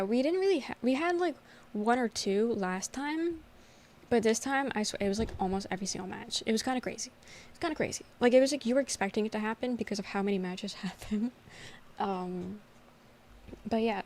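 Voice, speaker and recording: A young woman streamer telling a story in a casual livestream chat, animated and laughing often. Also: mid-range voice, normal speed, slight background noise.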